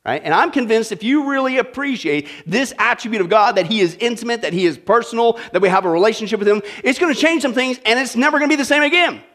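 A man with a high voice preaches a sermon. He is animated and humorous, and he often checks in with his listeners as he goes. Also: fast talker, hardly any pauses. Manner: animated, humorous, talks straight to the audience. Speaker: pastor.

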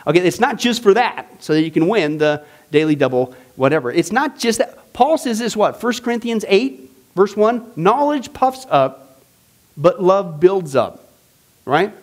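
A man teaching a Bible study class in a casual, animated way, full of jokes and enthusiasm. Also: sits high, moderate pace. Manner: animated, joking, enthusiastic with frequent fillers. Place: church classroom.

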